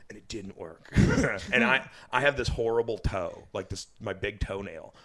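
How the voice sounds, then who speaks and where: A man, a comedian guest on a podcast, telling stories in a loose, profane, laughing way, high at the time. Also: unhurried. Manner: profane, laughing, animated storyteller. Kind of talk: casual podcast storytelling.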